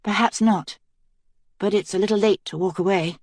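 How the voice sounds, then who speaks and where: A woman voicing a young queen who speaks steadily and quietly firm. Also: mid-range voice, fairly even intonation, normal speed, no echo, clean studio sound, lightly acted.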